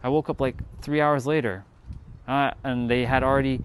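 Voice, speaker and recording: A man's voice: medium pitch, fairly even intonation, moderate pace, slight background noise. A man speaking to his live-stream viewers in a casual motivational monologue, earnest and blunt, swearing freely and repeating words for emphasis.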